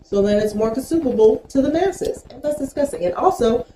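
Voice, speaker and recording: A woman co-host talking in a blunt, profane rant with a mellow, relaxed tone. Her voice rings in a roomy space, with a faint noise underneath. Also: fairly high pitch, fairly quick. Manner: blunt, profane ranting with laughs. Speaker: podcast co-host. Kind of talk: casual chat.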